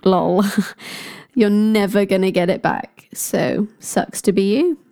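A woman's voice: medium pitch, takes it slowly, gravelly, warm tone. A woman voicing a rude, hideous male ogre lord who taunts in casual slang. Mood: smug taunting.

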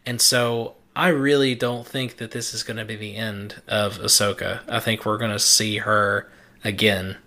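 A man's voice: fairly low pitch, flat delivery, pushed and bright. A man hosting a casual podcast, chatty and joking as he talks through a movie. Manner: chatty, joking, quick restarts. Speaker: podcast host.

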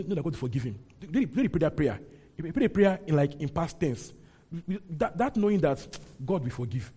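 A preacher walks his congregation through scripture with an animated, conversational delivery. His voice sits a little high for a man yet sounds mellow and husky. He often slips into bursts of mock indignation to dramatize the story. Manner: animated, rising into mock outrage when voicing characters. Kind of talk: Bible teaching.

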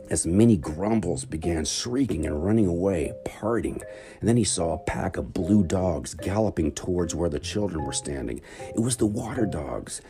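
A man narrating a children's bedtime adventure story in an expressive, dramatic read-aloud manner. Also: low-pitched.

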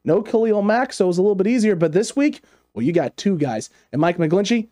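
A man hosts a football talk show in a lively, emphatic way, hammering points home by repeating them. His voice sits a bit high while its tone stays mellow. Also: a little fast. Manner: animated, repetitive emphatic phrasing. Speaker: sports show host. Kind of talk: casual football analysis chat.

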